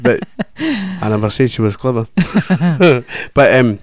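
A man's voice: medium pitch, sing-song, takes it slowly, dry recording, studio quality. A man with a Scottish accent co-hosting a casual music show, chatty and teasing. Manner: chatty, teasing, restarts a lot. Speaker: co-host. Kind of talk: casual radio chat.

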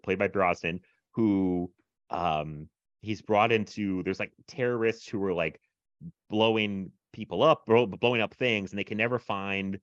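Rambling low-voiced man, chatty podcast host. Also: fairly bright tone, no echo, dull audio. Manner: rambling, filler-heavy, laughs often. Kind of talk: casual chat.

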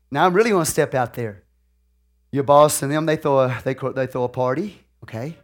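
A male pastor, preaching live to a congregation in a folksy, conversational way that often checks in with the room. He tells stories animatedly, swinging between loud outbursts and quieter asides. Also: mid-range voice, moderate pace. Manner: animated storytelling with big swings in loudness and sudden outbursts.

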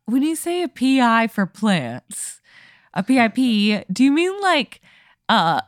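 Deadpan woman firing literal questions. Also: a little high, slow, no echo, studio quality. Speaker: comedian guest. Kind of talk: casual chat.

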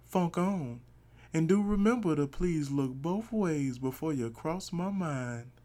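A man reading a playful, hammy recorded shout-out for another podcast. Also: a little high, animated, slow pace. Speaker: podcaster giving a promo.

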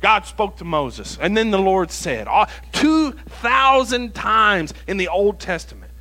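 Bright-voiced emphatic male pastor. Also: high-pitched, big pitch swings, measured pace. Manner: emphatic and repetitive, dropping to quiet asides. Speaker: associate pastor. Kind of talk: sermon. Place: church.

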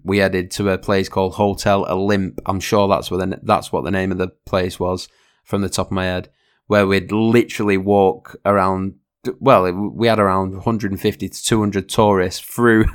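A man's voice: sits low, smooth. A young man telling a personal story, blunt and sweary, chuckling now and then as he goes. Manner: blunt, swears freely, chuckles mid-sentence. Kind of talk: storytelling monologue.

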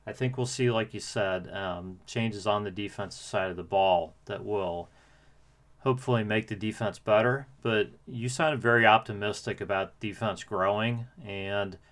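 A man's voice: fairly low pitch, a bit bright. A man hosting a podcast, commenting casually with frequent hesitations. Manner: hesitant, many fillers. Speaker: podcast host.

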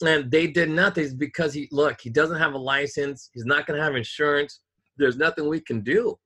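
Man, angry profane rant, bright edgy voice, husky. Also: on the high side, steady tone, moderate pace. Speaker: storyteller in a casual conversation. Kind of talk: casual chat.

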